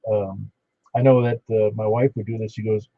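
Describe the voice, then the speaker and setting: A man's voice: fairly low pitch, level tone, normal speed, dry recording. A man running an amateur radio net, chatting casually with callers and reading out call signs in a folksy way. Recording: dull lo-fi radio audio.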